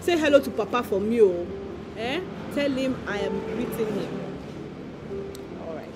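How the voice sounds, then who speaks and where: A bubbly young mother, slow unhurried talk, lively pitch, heavy score underneath. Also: loud music behind the voice. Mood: cheerful. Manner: bubbly, drawn-out and laughing. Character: cheerful young wife and mother on the phone. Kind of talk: film drama acting.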